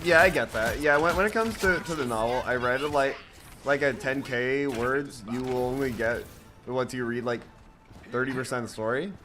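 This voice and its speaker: A man's voice: mid-range voice, moderate pace, over music. A man chatting casually about writing, hesitant, repeating words and swearing now and then. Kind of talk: casual chat.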